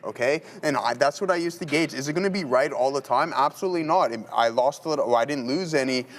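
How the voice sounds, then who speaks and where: A man's voice: medium pitch, quick pace. A man hosting a live day trading stream, chatting casually with viewers and talking through his trades as he makes them.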